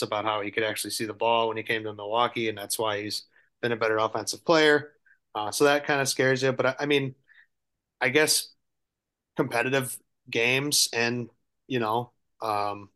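Midwestern male co-host, medium pitch, halting delivery, dry wit. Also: pushed and bright. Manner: hesitant, lots of fillers and restarts, dry humor. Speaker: podcast co-host. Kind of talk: casual sports podcast chat.

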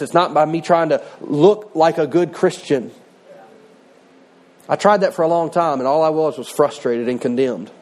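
A man's voice: a little high, a little mellow. A middle-aged male pastor preaching a sermon in a conversational way, mixing scripture with personal stories.

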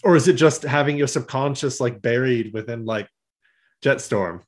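A man's voice: mid-range voice, normal speed. Joking man in casual podcast chat. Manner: joking, laughs often, swears freely. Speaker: podcast co-host.

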